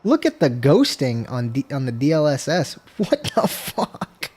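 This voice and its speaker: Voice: medium pitch, sing-song, moderate pace, a little mellow, slightly rough. A streamer chatting casually with viewers during a gameplay livestream, swearing freely and breaking into frustrated outbursts. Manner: laid-back, talks to chat.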